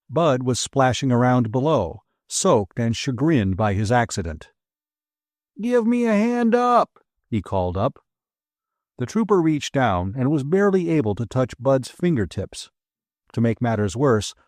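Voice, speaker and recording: A man narrates an adventure audiobook in a lively, expressive voice with a middle pitch. The read is dry and close to the mic. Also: no echo. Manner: expressive storytelling delivery.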